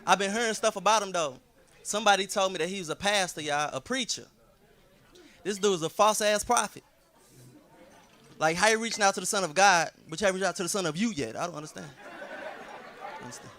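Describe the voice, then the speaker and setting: A man's voice: high voice, fairly quick, long pauses, pushed and bright. A man from St. Louis doing a laid-back, conversational stand-up set. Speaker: stand-up comedian.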